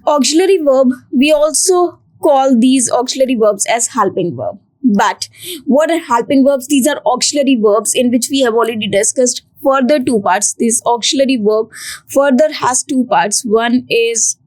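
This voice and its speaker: A woman's voice: high-pitched, moderate pace, a little mellow. Woman teaching grammar, repeats key points. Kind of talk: grammar lesson for exam students.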